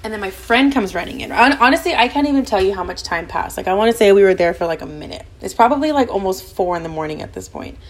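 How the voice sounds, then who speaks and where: A young woman hosting a podcast, telling a personal story in casual, fast, animated chatter full of swearing. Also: medium pitch. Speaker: podcast host.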